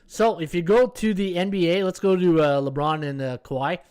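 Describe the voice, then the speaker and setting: A man in his fifties hosts a sports betting live stream with a fairly high voice for a man. He talks in a loose, chatty way and keeps checking in with his listeners. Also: steady tone, brisk, darkish tone, clear, resonant tone. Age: 50s. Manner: chatty, tags lines with "right?". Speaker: sports betting podcast host. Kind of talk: casual live-stream commentary.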